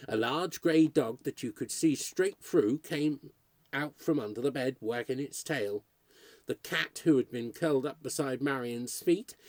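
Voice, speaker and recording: Lively male storyteller, highly expressive. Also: no room sound. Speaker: narrator. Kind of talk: audiobook reading of a short story.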